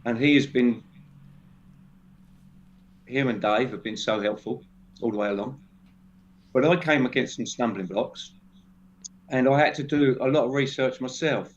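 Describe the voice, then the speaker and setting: A man speaking as a guest in a casual discussion, halting and restarting often. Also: mid-range voice. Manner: halting, many restarts and fillers. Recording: dull lo-fi sound with faint noise.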